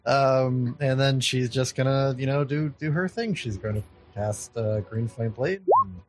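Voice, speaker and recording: Man player, casual, third-person character moves, mid pitch. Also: a little slow, faint music behind. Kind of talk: tabletop game play.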